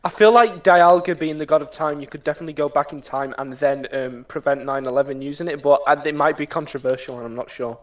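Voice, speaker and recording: A man with a slightly raised pitch speaks over a dull, lo-fi call mic. He offers his suggestions earnestly, though with some hesitation. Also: fast talker, hardly any pauses. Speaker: caller on a group call. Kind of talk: casual group call.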